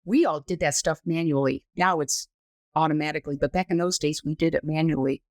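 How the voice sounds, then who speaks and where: Measured woman in her sixties explaining. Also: low voice, no echo. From United States. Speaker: former astronaut, podcast guest. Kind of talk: conversational storytelling interview.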